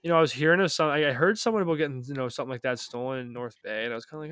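A man's voice: mid-range voice, rapid-fire, a bit bright, clean tone, dry recording. A young man from Calgary co-hosting a podcast, telling a story casually with lots of "like" fillers and some irritation. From Calgary, Canada. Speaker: podcast co-host. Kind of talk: casual chat.

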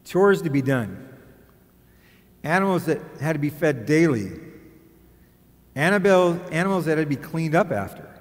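A man's voice: fairly high pitch, big pitch swings, moderate pace, pauses often, long reverb tail. A male pastor preaching a casual, jokey sermon, rambling into asides and checking with the room. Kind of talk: conversational sermon.

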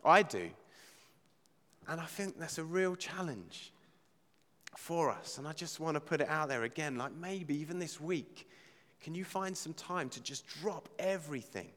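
A man's voice: fairly high pitch, expressive, a little slow, fairly bright tone. Pastor guy giving a sermon, earnest and chatty, gets emphatic on the questions, lots of hall echo.

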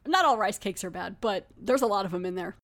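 A woman hosting a podcast, talking through an episode in a loose, chatty way with lots of "like" and "um". Her pitch sits in a middle range. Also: expressive, fairly quick, a bit bright. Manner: chatty, laughing, many fillers. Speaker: podcast host. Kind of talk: casual episode recap.

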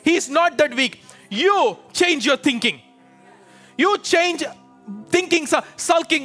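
A man with a high, bright voice preaches a fervent sermon, calling out to his congregation and pressing them to answer. Soft music runs underneath his voice. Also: expressive, takes it slowly. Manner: fervent, exhorting, calls out to the congregation. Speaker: pastor. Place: church with a live congregation.

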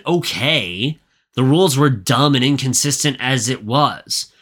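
Bright-voiced man ranting casually. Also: mid-range voice, expressive, unhurried, slightly rough. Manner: profane, ranting, lots of filler words. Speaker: podcast co-host. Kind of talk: casual movie recap.

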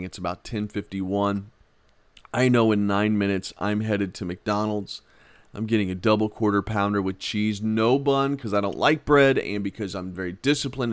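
A man teaching a Bible lesson on his podcast, telling a self-mocking everyday story in a conversational way, then gently urging listeners on. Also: on the low side, no echo. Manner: earnest, gently exhorting. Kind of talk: casual devotional podcast talk.

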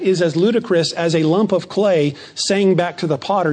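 Man, pastor, sermon, fairly high voice, slows for emphasis, repeats words. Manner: slows down and stresses key phrases; repeats words when starting a phrase.

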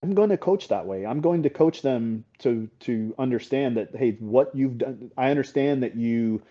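A middle-aged paintball coach talking as a podcast guest, candid and blunt, swearing freely and often checking in with "right?". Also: male voice, medium pitch, lively intonation, moderate pace. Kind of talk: casual interview talk. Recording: slightly dull podcast audio.

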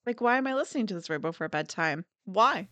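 A woman's voice: mid-range voice, lively intonation, fast talker, sharp tone, dry recording. A woman podcast co-host in casual chat, reacting bluntly and swearing freely.

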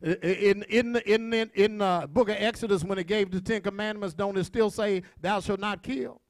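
A man preaching a sermon to his congregation, with call-and-response, shouted peaks and quiet asides. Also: high voice, normal speed, dry recording. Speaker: pastor.

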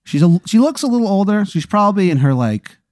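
A man's voice: high voice, sing-song, fast, darkish tone, no echo, clean studio sound. A man hosting a podcast, improvising a comedic hypothetical story in a rambling way. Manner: rambling, full of fillers and restarts. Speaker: podcast host posing a hypothetical.

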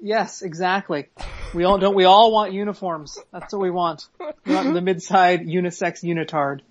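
A woman with a husky, breathy voice pitched a little low, co-hosting a podcast. She rambles through jokes and plugs with casual swearing. The audio is dull and lo-fi. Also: fairly even intonation, moderate pace. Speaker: podcast co-host.

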